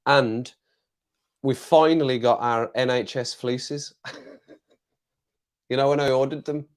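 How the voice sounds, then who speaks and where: A man's voice: medium pitch, steady tone, takes it slowly, long pauses. An English man hosting a casual live stream, chatting to viewers in a rambling way, repeating phrases and laughing often.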